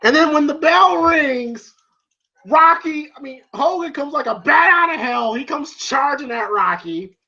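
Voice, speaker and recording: Bright-voiced, laughing movie reviewer. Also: high voice, animated, unhurried, dull audio. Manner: rambling, laughs often, many fillers. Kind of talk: casual movie review retelling a scene.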